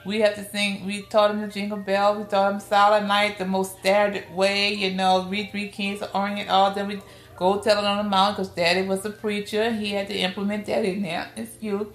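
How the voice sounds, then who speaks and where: A middle-aged woman with a New Orleans accent, a guest on a podcast, lively tells family stories at a moderate pace, acting out her relatives' voices with big pitch jumps in a casual storytelling interview. The room sounds roomy, with faint music behind.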